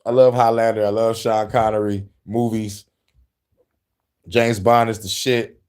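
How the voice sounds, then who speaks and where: A man in his thirties hosting a casual podcast, talking politics and movies with profanity, laughing often and breaking into loud shouted impressions. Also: lowish voice, level tone, a little slow, smooth. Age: 30s. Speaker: podcast host.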